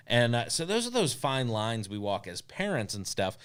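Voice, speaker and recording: A man's voice: medium pitch, very animated, normal speed, a bit bright, clear, resonant tone. A man in his thirties co-hosting a studio talk show, rambling with many fillers and restarts. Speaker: co-host. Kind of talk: casual talk show chat. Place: radio studio.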